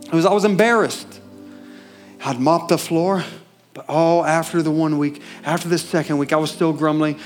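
A middle-aged man preaching a sermon, telling a personal story and building to loud, fervent peaks. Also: fairly high pitch, steady tone, normal speed, faint music behind.

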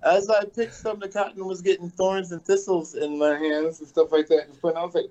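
High-voiced man telling jokes. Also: fairly quick, few pauses, dull audio. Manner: joking, tells deadpan comic tales. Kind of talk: casual podcast chat.

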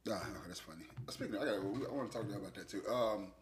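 A man's voice: fairly low pitch, very fast, a little hiss or hum. A man in casual chat who laughs a lot and repeats himself. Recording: echoey room.

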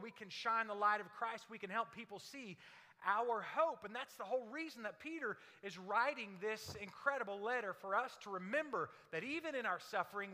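A male pastor delivers a sermon with a high, bright and forceful voice. He tells animated stories with jokes and drops to quiet lines for drama. Long reverb from a church hall hangs on every word.

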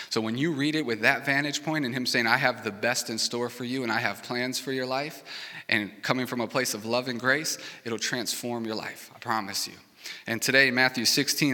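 A man's voice: mid-range voice, bright, forceful tone, long reverb tail. A young adult man preaching a sermon as pastor, in a personal, conversational way with heartfelt asides, from a church stage.

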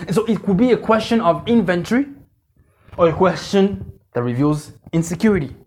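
A man's voice: sits high, brisk, a little mellow. A male pastor preaching a conversational sermon at a church conference, repeating phrases and checking in with the congregation.

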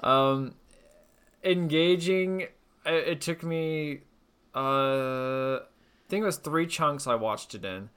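A man's voice: a little high, slow pace, a bit bright, clear, resonant tone. Tipsy man rambling in casual chat. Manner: rambling, jokey, trails off. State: a little tipsy.

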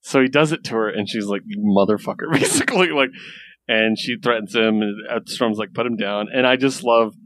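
A man co-hosting a casual comics podcast, enthusiastic and quick to laugh as he acts out scenes from the books. His pitch sits in an ordinary middle range, and the recording is dry and close, with no room sound. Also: fairly bright tone, dry recording. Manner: enthusiastic, laughs often, acts out characters' lines. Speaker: podcast co-host. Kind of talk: casual comic review chat.

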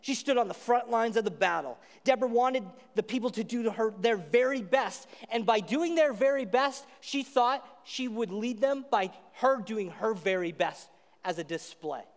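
A man pastor preaching a sermon, casual and animated as he retells a story. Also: high-pitched. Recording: echoey hall reverb.

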